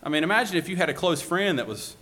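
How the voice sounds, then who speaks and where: A man's voice: sits high, expressive, fast, bright, forceful tone. A male preacher giving a sermon, asking the congregation one rhetorical question after another.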